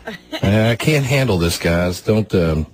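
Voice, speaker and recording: A man's voice: lowish voice, expressive, takes it slowly, a little hiss or hum. A man hosting a live call-in swap-shop radio show, defensive and flustered, raising his voice when challenged.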